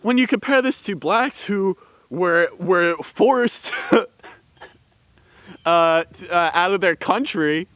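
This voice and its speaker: A man's voice: sits high, takes it slowly, fairly bright tone, dry recording. A man giving a rambling, heated opinion commentary with many fillers and restarts. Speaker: vlogger.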